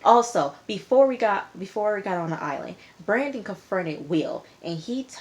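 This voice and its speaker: A woman's voice: mid-range voice, lively intonation, normal speed, a little mellow, a little hiss or hum. A woman casually recapping a reality TV episode in a chatty, slangy, exasperated way. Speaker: TV show reviewer.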